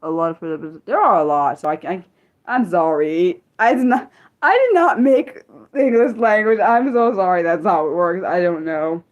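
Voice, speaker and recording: A young woman chats casually on her livestream and answers viewers by name. Her voice sits a little low, and she laughs easily and keeps apologizing with a loose, friendly ramble. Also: animated, normal speed, lo-fi sound. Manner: chatty, apologetic, laughs often; talks straight to chat viewers by name. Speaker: livestream host.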